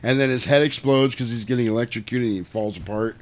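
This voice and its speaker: A man's voice: mid-range voice, fast talker. A man in casual chat, telling a movie plot scene by scene, acting out the quotes and swearing freely. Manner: animated storytelling, acts out quotes, swears freely.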